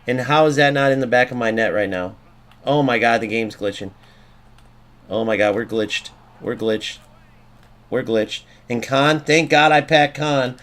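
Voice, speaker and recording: Brief: young male streamer, mid-pitch, excitable live gameplay commentary, swears freely, rants. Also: unhurried. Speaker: gaming streamer.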